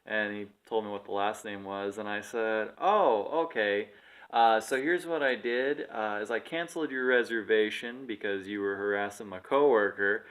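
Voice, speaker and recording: Animated man telling a story, cursing freely. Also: fairly low pitch. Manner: animated, swearing, quick to act out the people in his story. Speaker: podcast co-host. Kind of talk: casual storytelling chat.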